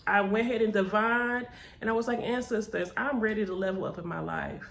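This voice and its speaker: A woman's voice: medium pitch, brisk, gravelly, a little hiss or hum. A young adult woman vlogger, telling her story candidly and expressively. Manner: expressive, animated, says "baby" and "child". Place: cousin's house. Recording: echoey room.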